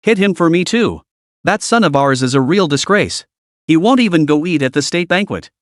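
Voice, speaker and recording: A man voicing an angry middle-aged father who blusters and threatens, his voice pushed up high. The sound is dry and close. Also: animated, moderate pace, no room sound, close to an everyday voice.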